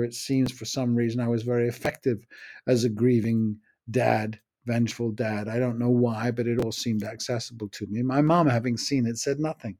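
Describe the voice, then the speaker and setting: A man's voice: mid-range voice, warm tone. A man in his sixties, raised in the United States, giving a wry, opinionated spoken essay on his own podcast.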